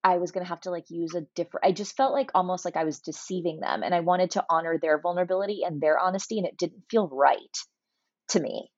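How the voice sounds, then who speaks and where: A woman in her forties, a guest telling a personal story in a chatty, animated way with lots of fillers. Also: lowish voice, fast, dry recording, dull audio. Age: 40s. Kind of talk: casual conversational interview.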